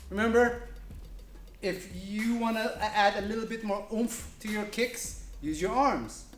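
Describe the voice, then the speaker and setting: A man's voice: high voice, measured pace, a bit bright, slight background noise. Joking kung fu instructor man. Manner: loose, joking, many fillers and restarts. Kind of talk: casual demonstration lesson. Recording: echoey room.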